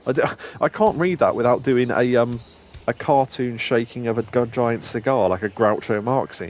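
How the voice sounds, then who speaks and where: A man's voice: mid-range voice, moderate pace, a little mellow, a little hiss or hum. A young man streaming a game, reading its dialogue aloud between rambling, chuckling asides. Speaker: let's play streamer. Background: faint game music.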